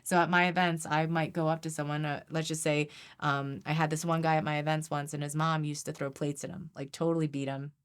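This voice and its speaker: Low-pitched lady talking earnestly, really emphatic and persuading, interview guest. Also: flat delivery, fairly quick, few pauses, clean tone. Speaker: guest energy healer. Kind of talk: conversational interview.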